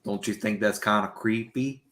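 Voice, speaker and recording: A man's voice: on the low side, steady tone, normal speed, fairly bright tone. A man trading jokes and teasing in casual banter. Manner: teasing, joking. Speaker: co-host.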